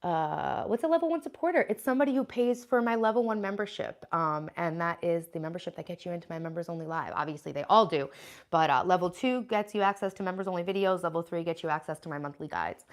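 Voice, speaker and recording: A woman's voice: on the low side, fast. A woman in her thirties chatting casually on a livestream, reading viewer comments and planning meals in a scattered, rambling way. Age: 30s. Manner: chatty, scattered, frequent "um" and "like" while listing groceries. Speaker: livestream host.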